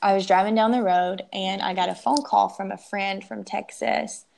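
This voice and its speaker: A young woman telling her personal story as an interview guest, emotional and halting, often restarting her sentences. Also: mid-range voice, steady tone, gravelly, a little mellow.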